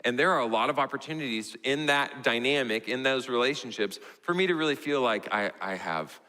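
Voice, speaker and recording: A young man with a Texan accent, a pastor telling a family story in a sermon, animated and storytelling. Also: fairly quick. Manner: storytelling, animated, voices his toddler in a high squeal. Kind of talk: sermon illustration. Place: church sanctuary. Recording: church hall reverb.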